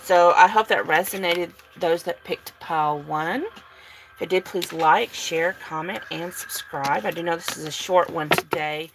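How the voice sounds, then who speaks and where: Slow, low-voiced woman reading tarot. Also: a little hiss or hum, poor audio. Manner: relaxed, many fillers and soft laughs. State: sleepy, yawning. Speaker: tarot reader. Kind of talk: casual tarot reading to camera.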